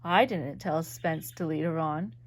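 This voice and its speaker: A woman reading an old magazine story aloud, in a steady, even storytelling manner. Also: low-pitched, unhurried, a little hiss or hum. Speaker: reader.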